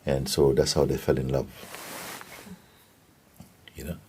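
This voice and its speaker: A man giving a gentle spiritual talk and telling stories, often checking in with his listeners. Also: rumbling low, flat delivery, a little hiss or hum. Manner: gentle, unhurried, keeps asking "you see?". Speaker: spiritual teacher.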